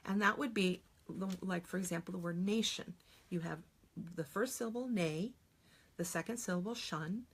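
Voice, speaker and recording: A middle-aged woman teaching phonics in a patient, step-by-step way, stopping to sound out each phonogram. Her voice sits low, with a gravelly edge and a husky, breathy texture. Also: brisk. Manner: patient, explains step by step, models sounds aloud. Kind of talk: instructional video lesson.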